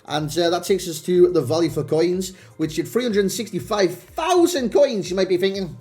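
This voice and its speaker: Man, young, chatty game reviewer, slightly high voice, faint music behind. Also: normal speed, hardly any pauses, darkish tone. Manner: chatty, addresses viewers as lads and boys. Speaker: gaming video creator. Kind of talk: casual game review talk. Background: faint background music.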